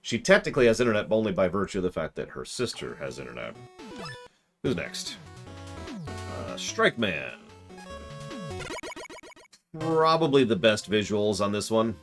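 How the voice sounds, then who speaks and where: A man's voice: fairly low pitch, very animated, normal speed, long pauses, music in the background. A man streaming a video game in casual commentary, rambling, breaking off mid-sentence and answering chat.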